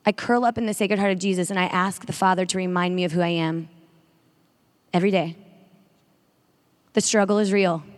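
A woman giving an energetic sermon-style talk to a women's audience, drawing call-and-response. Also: on the low side, a little fast, pauses often. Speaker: speaker at a women's faith event. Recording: long reverb of a large hall.

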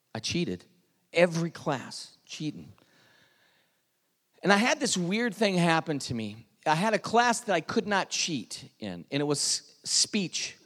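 A man giving an earnest personal testimony, dropping to a hush at the tense moments. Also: a little high, in a large hall. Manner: earnest storytelling, drops to hushed tones at tense moments. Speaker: speaker telling his testimony.

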